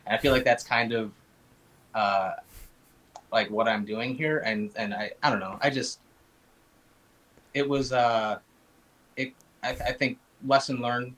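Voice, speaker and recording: A man's voice: lowish voice, fairly bright tone, poor audio. A man talking as a podcast guest in casual chat, rambling along with many fillers and restarts.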